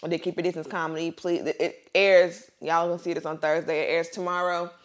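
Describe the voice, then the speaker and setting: A young woman spins a story on a casual podcast, her voice sitting a little low. She swears freely and acts out each person's words as she goes. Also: a little fast. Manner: animated storyteller, profane, acts out quotes. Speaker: podcast co-host.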